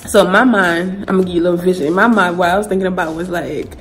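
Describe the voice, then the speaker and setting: A woman's voice: lowish voice, very fast, faint music behind, low-quality recording. A young woman from Ghana, chatting animatedly through a casual storytime vlog. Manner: chatty, animated retelling full of "like" and slang. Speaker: vlogger.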